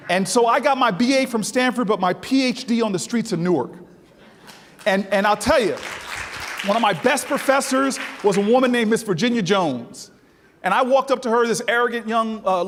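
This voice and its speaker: Man with a very high voice, preacherly keynote delivery, reverberant hall. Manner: preacherly, building to soaring emphasis. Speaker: keynote speaker. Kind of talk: stirring conference speech. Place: large conference hall. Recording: long reverb of a large hall.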